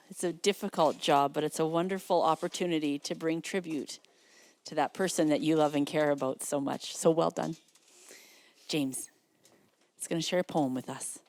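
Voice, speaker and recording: A woman leading a memorial service, gently encouraging speakers and introducing the next one. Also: sits low. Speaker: funeral officiant.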